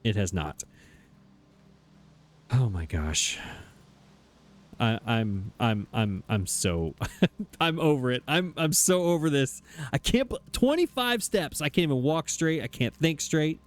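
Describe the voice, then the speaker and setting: A man's voice: mid-range voice, slow, long pauses. A man commenting on his own gameplay, flustered and exasperated, talking to himself. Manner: frustrated, exasperated, talks to himself. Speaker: let's play gamer.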